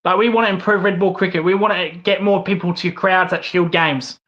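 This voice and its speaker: An Australian man rants hard, swearing and repeating himself as he hosts his own channel. His voice sits high and sounds bright and forceful. The recording is a little muffled and lo-fi. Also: fairly even intonation, brisk. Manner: profane, repetitive ranting. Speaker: host. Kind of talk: angry rant vlog.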